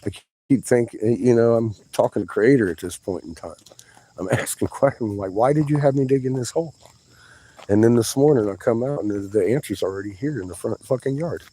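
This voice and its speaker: A man's voice: lowish voice, brisk, dark tone, slightly rough, poor audio. A man giving a rambling vlog monologue outdoors, swearing often and sounding agitated as he exclaims. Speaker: vlogger. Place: outdoors in a yard.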